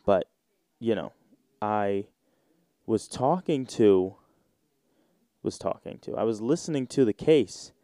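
A man's voice: on the low side, expressive, slow, long pauses, mellow, dry recording, studio quality. A man in his twenties from the United States, hosting a solo podcast in a rambling, joking, slangy way. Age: 20s. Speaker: podcast host. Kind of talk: casual solo podcast chat.

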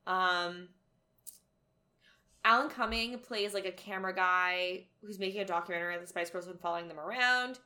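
A woman's voice: lowish voice, moderate pace, pushed and bright. A woman co-hosting a podcast, chatting casually about a movie with frequent filler words. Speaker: podcast co-host. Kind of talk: casual chat.

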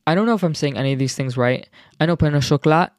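A young man rambles excitably through a solo podcast, jumping from one aside to the next. His voice sits a little high for a man. The sound is close and dry, with no room around it. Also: very fast, no room sound. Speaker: podcast host. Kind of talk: casual solo podcast chat.

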